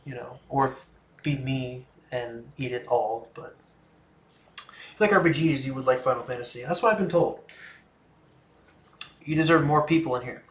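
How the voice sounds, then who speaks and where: A man's voice: mid-range voice, steady tone, moderate pace, echoey room. A man in his twenties hosting a casual livestream, answering viewer questions in a laid-back, chatty way that often trails off. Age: 20s. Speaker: livestream host. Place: room in a home.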